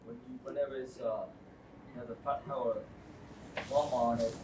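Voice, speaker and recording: A man in a class asking his teacher a question with halting pauses. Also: mid-range voice, level tone. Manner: asks questions hesitantly, with pauses. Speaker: student. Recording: roomy classroom from far off, noisy.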